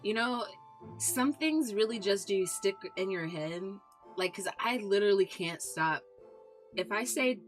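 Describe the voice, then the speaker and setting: A woman's voice: medium pitch, lively intonation, a little slow, faint music behind. A woman streaming a game, chatting casually with viewers and laughing easily as she plays. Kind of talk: casual gameplay commentary.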